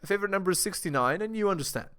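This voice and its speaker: A man's voice: high-pitched, expressive, rapid-fire, fairly bright tone, clean tone. A man giving reaction commentary to his viewers, lecturing and asking them rhetorical questions. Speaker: video commentator.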